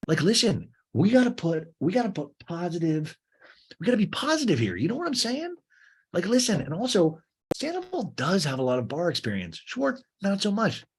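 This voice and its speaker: A man hosting a podcast who gives a casual, gossipy TV recap in an animated, sarcastic way and swears freely. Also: high-pitched, moderate pace, slightly rough. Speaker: podcast host.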